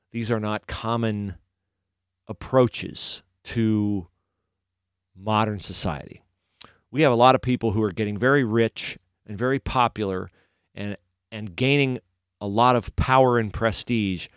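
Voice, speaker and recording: Lively, conversational Christian man talking. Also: on the low side, no room sound, clean studio sound. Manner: conversational, animated storytelling. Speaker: Christian commentator. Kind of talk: casual faith talk.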